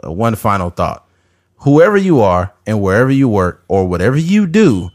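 A man's voice: lowish voice, very animated, normal speed, a little mellow. A man in his thirties hosting a podcast in casual chat, blunt, profane and emphatic. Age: 30s. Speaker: podcast host.

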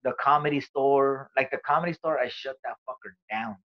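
A man's voice: medium pitch, brisk. A man guest on an interview, a comedian telling his own story in a casual, profane, streetwise way, acting out quoted dialogue. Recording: dull lo-fi recording.

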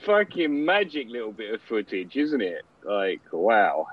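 A man chatting excitedly and casually. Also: lowish voice, a little slow, no echo, recorded from a distance, dull audio. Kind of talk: casual chat.

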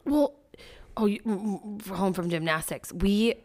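A woman co-hosting a casual podcast chat, an animated mother who tells stories and swears freely. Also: medium pitch, a little slow.

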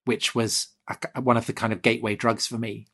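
A man's voice: mid-range voice, little pitch movement, brisk, bright, forceful tone. A man hosting a history podcast, talking enthusiastically with many ums and restarts. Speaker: podcast host. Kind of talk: casual podcast conversation.

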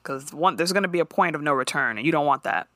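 A woman co-hosting a podcast, recapping a show in casual chat with animated, profane storytelling and quick character impressions. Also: sits low, no echo, clean studio sound.

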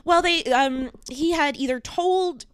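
A woman's voice: high-pitched, slow pace, no room sound. A woman co-hosting a podcast, casually telling a true-crime story and reading old newspaper accounts. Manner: lively storyteller, acts out quoted voices. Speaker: podcast co-host.

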